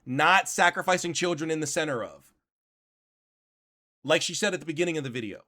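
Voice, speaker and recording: A man's voice: on the high side, expressive, a little fast, sharp tone. A man hosting a reaction commentary, reading passages aloud and arguing back in an exasperated tone, swearing now and then. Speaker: commentary channel host.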